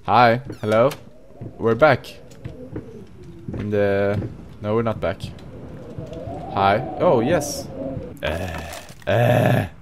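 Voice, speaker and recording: Young male gaming YouTuber, skittish horror commentary, slow delivery, noisy background. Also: lowish voice. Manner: jumpy, swears a lot, talks to viewers. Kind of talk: horror game let's play commentary. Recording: noisy home recording.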